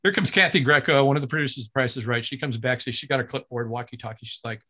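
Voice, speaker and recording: A man from Ohio, a guest who works as a voice announcer, telling a story with lively energy and acting out other people's lines. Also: medium pitch, fast, hardly any pauses. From Ohio, USA. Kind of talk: animated storytelling in casual chat.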